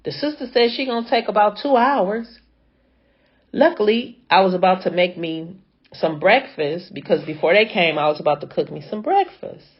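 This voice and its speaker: A woman's voice: mid-range voice, lively intonation, normal speed, husky, muffled recording. A woman braider telling a dramatic story in a chatty, casual way, talking straight to her viewers. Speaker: hair braider.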